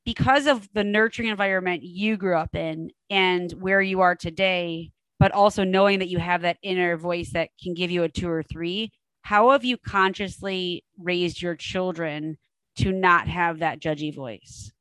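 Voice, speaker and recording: Middle-aged woman host, warmly enthusiastic interviewer, slightly low voice, dry close sound. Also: steady tone, normal speed, no room sound, poor audio. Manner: enthusiastic, affirming. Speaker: podcast host. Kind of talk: conversational interview.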